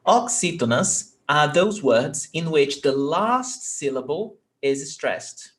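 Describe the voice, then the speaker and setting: A man's voice: fairly high pitch, animated, takes it slowly, fairly bright tone. A young man teaching a language lesson, repeating each example word and checking in with "okay?".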